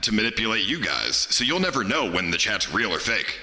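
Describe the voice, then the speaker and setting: A man with a low-pitched, forceful, very bright voice lays out rules with deadpan calm. His voice rings in a long reverberating hall, and faint noise sits underneath. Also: fairly quick. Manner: deadpan, matter-of-fact teasing. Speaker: stream host running a prison challenge. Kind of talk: casual stream chat.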